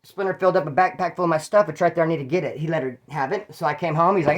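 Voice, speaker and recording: A middle-aged man tells his own stories at a fast pace. He rambles and uses slang. He switches into the voices of people he quotes, keeping the tone casual. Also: fairly high pitch. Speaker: ex-prisoner telling stories on his channel. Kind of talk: casual storytelling monologue.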